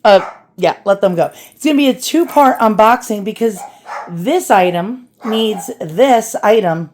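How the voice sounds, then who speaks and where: A woman's voice: mid-range voice, lively intonation, a little slow, darkish tone, slight background noise. A woman casually chatting through an antiques unboxing, self-deprecating and full of "like" fillers. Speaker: antiques vlogger.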